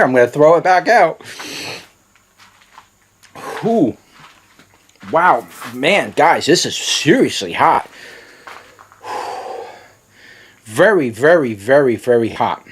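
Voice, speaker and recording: A man reviewing a very hot pepper on camera, with watering eyes and a running nose, talking in halting bursts that repeat words between gasps. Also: mid-range voice, breathy edge. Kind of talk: casual pepper review vlog.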